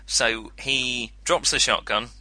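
Guy running a zombie tabletop game, really bright voice, lots of ums and laughs. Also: mid-range voice, steady tone, slow, no room sound. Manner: chatty, laughs often, many ums. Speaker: game master. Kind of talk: narrating a tabletop horror game.

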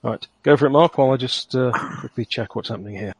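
A man's voice: mid-range voice, fast, slightly rough, no room sound, dull audio. A man playing a tabletop game, joking and chatty with the table. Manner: lively and joking. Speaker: player.

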